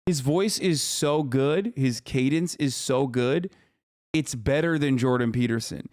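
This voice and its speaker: A man's voice: mid-range voice, unhurried, darkish tone, no room sound, studio quality. A man in his thirties streaming live, reacting bluntly with emphatic, profane asides.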